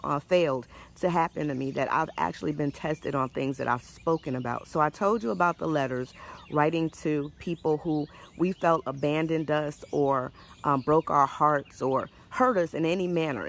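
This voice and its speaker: A woman life coach giving a faith-based motivational talk in a warm, conversational way, often restarting her sentences. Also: low voice, a little hiss or hum.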